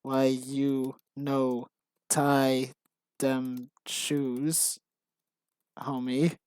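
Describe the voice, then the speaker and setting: A woman voicing a stereotyped, boastful male street thug with a slow, taunting slang drawl. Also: very deep voice, flat delivery, a little mellow, clear, resonant tone, no echo, pitched below the performer's own voice, full character voice.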